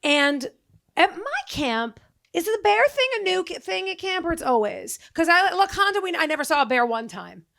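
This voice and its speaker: A middle-aged woman, an actress taking part in a live on-stage Q&A. She talks casually and tells quick jokes, with lots of "like". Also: extremely high pitch, big pitch swings, creaky, a bit bright. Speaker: actress and guest.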